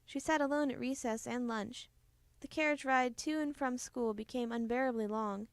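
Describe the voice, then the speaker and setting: A woman reading a children's book aloud in a gentle, expressive storytelling manner. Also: a little high, moderate pace, hardly any pauses, clear, resonant tone, no room sound. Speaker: storybook reader.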